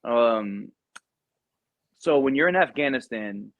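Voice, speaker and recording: Casual storyteller, profane and rambling, dull dry lo-fi sound. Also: male voice, mid-range voice, animated, takes it slowly, dry recording. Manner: rambling, profane, many ums. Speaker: podcast guest, Marine veteran.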